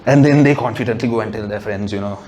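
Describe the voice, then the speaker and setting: A man's voice: lowish voice, fast talker, a little mellow, slight background noise. A male stand-up comedian, sardonic and swearing freely during a set before a live audience.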